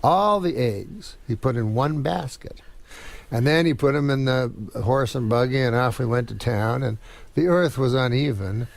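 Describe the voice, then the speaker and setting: A man voicing a schoolgirl who tells her class a plain, earnest story, halting as she goes. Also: medium pitch, gravelly, dry recording, voice pushed down, lightly acted.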